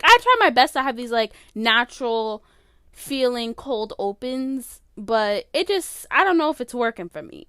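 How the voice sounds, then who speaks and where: A woman's voice: a little high, pushed and bright, no room sound, clean studio sound. A teenage girl hosting her own podcast, rambling casually with lots of fillers and open emotion. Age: late teens. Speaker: podcast host. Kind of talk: casual solo podcast chat. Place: her bedroom.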